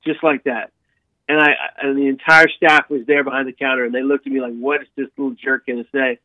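A man's voice: mid-range voice, fairly quick, dry recording. Tinny-sounding man telling a story. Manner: animated storyteller, frequent restarts and repetitions. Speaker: guest sharing his life story. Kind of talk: storytelling in an interview. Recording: dry tinny phone-like sound.

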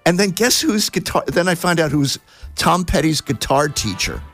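A man's voice: on the high side, sing-song, moderate pace, fairly bright tone. A man who is a guest on a radio show, chatting casually and eagerly sharing music trivia. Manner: enthusiastic trivia-sharer. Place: radio studio.

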